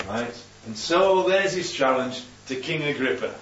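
A man's voice: mid-range voice, expressive, measured pace, few pauses, a bit bright. A man preaching a Bible sermon in a conversational way, often checking in with "yeah?". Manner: conversational, keeps asking "yeah?". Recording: distant, roomy, dull recording with faint hum.

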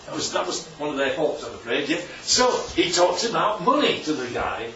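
A man's voice: fairly high pitch, very animated, normal speed, sharp tone, slight background noise. A man preaching a sermon in a chatty way, often asking the room questions. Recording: echoey hall from far off, dull.

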